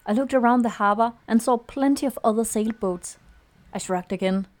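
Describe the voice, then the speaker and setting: A woman playing a student podcaster who chats hesitantly and then reads a ghost story aloud in a steady voice. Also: fairly high pitch, moderate pace, close to an everyday voice. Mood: storytelling.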